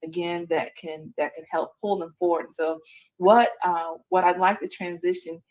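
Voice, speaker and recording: Woman host, low voice, faith-based encouragement, preachy, filler-heavy. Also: steady tone, moderate pace, darkish tone, poor audio. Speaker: podcast host.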